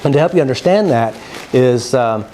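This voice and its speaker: This is a middle-aged man addressing a seminar crowd in a lively storytelling way. He keeps asking the room questions and briefly acts out other people's words. His voice sits at an ordinary pitch, with a faint noise in the background. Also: moderate pace. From Oklahoma. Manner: animated storyteller, asks the audience questions, acts out quotes. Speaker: seminar speaker. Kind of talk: live seminar talk to an audience.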